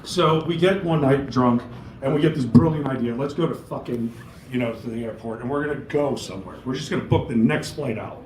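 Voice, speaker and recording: A man's voice: mid-range voice, a little fast, a little mellow, reverberant, a little hiss or hum, low-quality recording. A middle-aged man from New York doing a stand-up comedy set, telling crude, rambling stories laced with swearing. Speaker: stand-up comic.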